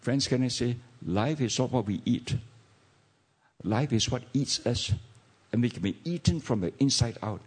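Husky Malaysian English pastor preaching. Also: male voice, medium pitch, expressive, normal speed, darkish tone. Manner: conversational preaching, frequent rhetorical questions. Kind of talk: sermon.

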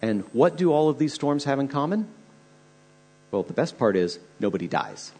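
Male pastor, husky, earnest storyteller preaching a sermon. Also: medium pitch, big pitch swings, normal speed, a little mellow.

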